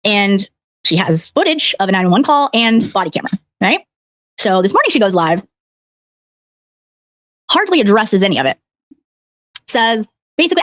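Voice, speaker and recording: A woman's voice: fairly high pitch, big pitch swings, brisk, dry recording. A woman commentator on a live stream, rambling and exasperated as she recounts events. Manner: exasperated, rambling, quotes others in mock voices. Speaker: online commentator.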